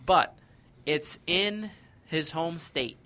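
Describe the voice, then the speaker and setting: A man co-hosting a casual wrestling podcast, asking questions in a measured way. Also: a little high, sharp tone. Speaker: podcast co-host.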